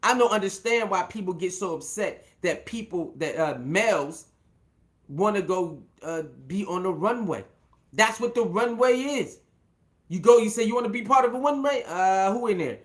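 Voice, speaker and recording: A man's voice: high-pitched, expressive, moderate pace. Rambling man giving casual commentary. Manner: rambling, repeats words, frequent fillers and restarts. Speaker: show host.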